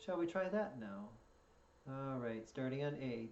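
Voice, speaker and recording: A patient male fiddle teacher talks through a tune and counts in slowly. His voice sits back from the microphone in an echoey room, with a dull, muffled tone. Loud fiddle playing fills the gaps between his explanations. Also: medium pitch, animated, over loud music. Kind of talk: step-by-step music lesson. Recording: echoey room, distant mic, dull sound.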